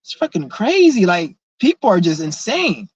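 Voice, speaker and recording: A young man telling a profane, animated story in a casual vlog rant. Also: high-pitched, moderate pace, slightly rough, no room sound, muffled recording. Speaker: vlogger.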